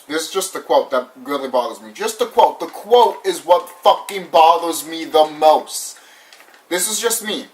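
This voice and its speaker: Ranting young man, slightly distant mic. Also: on the high side. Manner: animated, repetitive, swears often, laughs. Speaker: YouTube movie reviewer. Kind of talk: casual ranting review. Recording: voice somewhat far from the mic.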